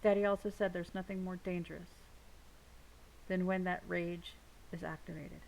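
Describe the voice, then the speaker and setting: Gravelly woman reading a novel aloud. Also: fairly low pitch, moderate pace, a little hiss or hum, rough recording. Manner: steady first-person narration. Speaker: audiobook reader.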